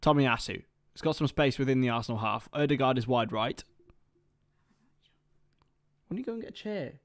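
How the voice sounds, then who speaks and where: A man doing chatty live football commentary for a watchalong stream, excitable and talking to his viewers. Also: mid-range voice, normal speed, no echo, clean studio sound.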